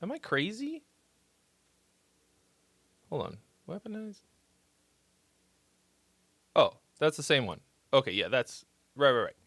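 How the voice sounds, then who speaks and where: His voice sits on the high side and a bit bright, with huge pitch swings, a slow pace, and long pauses, recorded with no echo. The man hosts a casual livestream reviewing songs, reading chat aloud and cracking loose, profane jokes.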